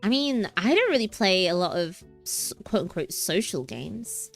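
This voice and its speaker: A woman's voice: lowish voice, very animated, moderate pace, faint music behind. A young woman streamer chatting casually and playfully, rambling and giggling between thoughts. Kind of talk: casual livestream chat.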